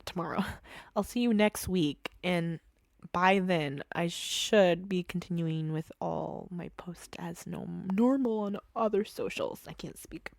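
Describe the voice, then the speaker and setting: A woman's voice: on the low side, no echo, clean studio sound. Giggly, rambling woman podcast host. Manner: rambling, giggly, self-deprecating. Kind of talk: casual solo podcast chat. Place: home. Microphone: podcast microphone.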